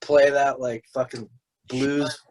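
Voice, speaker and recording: A man's voice: medium pitch, flat delivery, slow pace, darkish tone, low-quality recording. A young man co-hosting a casual podcast, rambling and swearing a lot, often restarting his sentences. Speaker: podcast co-host. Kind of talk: casual chat.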